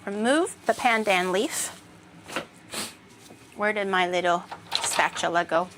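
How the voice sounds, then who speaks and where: A woman's voice: medium pitch, takes it slowly, noisy background. A woman chatting casually with viewers while she cooks on a live stream, swearing now and then. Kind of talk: casual chat while cooking. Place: home kitchen.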